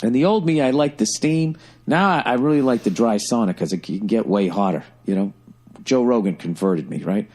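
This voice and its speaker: A middle-aged man telling a funny story in a casual, profane, animated way, like a stand-up comedian on a podcast. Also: lowish voice, a little fast, slight background noise.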